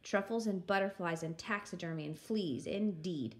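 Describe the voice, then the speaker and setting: A woman reading a children's chapter book aloud in a calm, measured storytelling manner. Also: fairly low pitch. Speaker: story reader.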